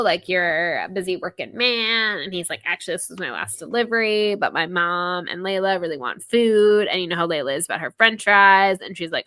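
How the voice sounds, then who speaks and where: Chatty and animated, a young podcast host recaps a book chapter and acts out its scenes, leaning heavily on "like." She has a fairly low pitch and talks at a moderate pace. The recording is dry.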